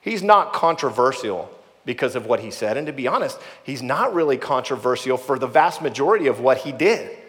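A man's voice: mid-range voice, sing-song, fairly quick. A man preaching a sermon, earnest and emphatic, acting out the voices he quotes. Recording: long hall reverb.

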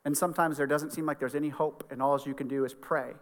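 A man's voice: a little high, fairly even intonation, quick pace, big-room sound. A middle-aged man, a pastor, giving an earnest, conversational sermon in a church sanctuary.

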